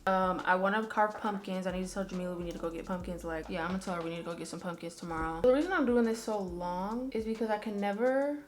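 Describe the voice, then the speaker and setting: A woman's voice: mid-range voice, fast, few pauses. A young woman talking casually and candidly while doing her hair at home, rambling with slangy asides. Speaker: beauty vlogger. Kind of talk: casual chatty vlog.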